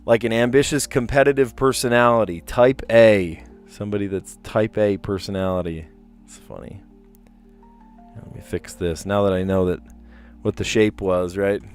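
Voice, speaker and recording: A man's voice: lowish voice, normal speed, clear, resonant tone, soft background music. A man hosting a casual livestream, reading puzzle clues aloud and drifting into chatty, amused asides. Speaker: livestream host solving word puzzles.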